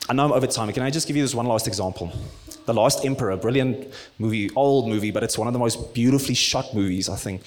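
A man preaching a sermon, rising to loud emphatic peaks and dropping to hushed, low tones. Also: quick pace. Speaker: pastor.

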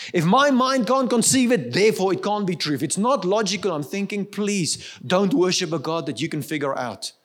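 Preaching in an earnest, conversational manner, a middle-aged pastor keeps checking in with those listening to his sermon. He speaks with a fairly high-pitched voice.

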